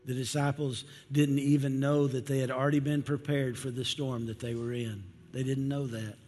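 A man's voice: mid-range voice, level tone, a little mellow. Preacher man in a reverberant hall. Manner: emphatic, with dramatic pauses and slowed quotes. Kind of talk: evening sermon. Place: church sanctuary. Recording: long hall reverb with faint music.

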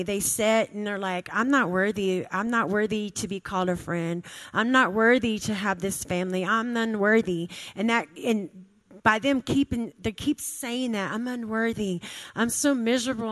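Woman, thirties, informal sermon, conversational, repeats for emphasis, slightly high voice. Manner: conversational, repeats phrases for emphasis, laughs often. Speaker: church speaker.

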